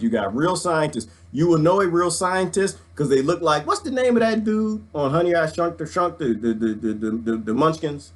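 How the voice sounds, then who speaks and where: A middle-aged man, ranting excitedly to his viewers, preaching and swinging his handheld mic as he talks. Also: a little high, brisk. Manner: swings the mic around while talking. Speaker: vlogger. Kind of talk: excited casual rant.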